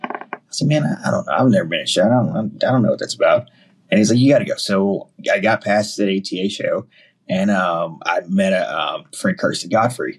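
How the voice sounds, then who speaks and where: A husky, low-pitched man with a Southern US accent tells stories in a relaxed podcast chat. He is lively and acts out quotes in quick bursts. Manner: animated, quotes himself and others in quick bursts. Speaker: podcast guest. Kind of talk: casual storytelling chat.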